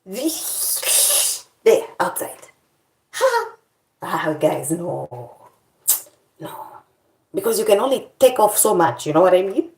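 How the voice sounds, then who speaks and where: Woman, vlogger, casual chat, playfully dramatic, lively pitch, echoey room. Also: slow pace, long pauses. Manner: animated, playfully dramatic complaining.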